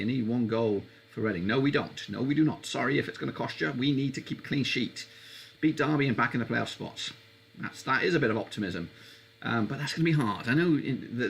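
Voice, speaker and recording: A man talks through a football match live for his stream viewers, a gravelly, creaky edge to his voice. His pitch shoots up when a chance is on, then drops back into easy chat. A faint hiss sits under the recording. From England. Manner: excitable, voice leaps up high on chances. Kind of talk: live football watchalong commentary.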